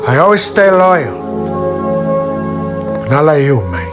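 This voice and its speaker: A defiant Cuban gangster, voiced by a man, drawls taunts that end in "man" in a thick put-on Cuban accent. His pitch swings widely. Loud music plays under the voice in this old parody clip. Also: very animated, slow pace. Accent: Cuban Spanish, put on. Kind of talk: comedic face-swap movie parody.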